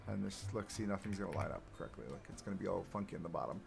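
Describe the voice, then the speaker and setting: A man's voice: low voice, racing, creaky, soft background music. A man chatting casually to his live chat while he builds in a game, joking at his own expense. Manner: chatty, self-mocking, talks to chat. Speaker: livestreamer. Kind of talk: casual game livestream commentary.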